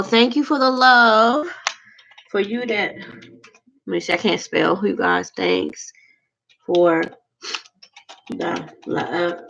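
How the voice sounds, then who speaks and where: A woman with a gravelly, fry-heavy voice ranting on a livestream, blunt and candid, stalling often with fillers. The audio is muffled and lo-fi. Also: on the low side, a bit bright. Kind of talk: livestream vlog rant.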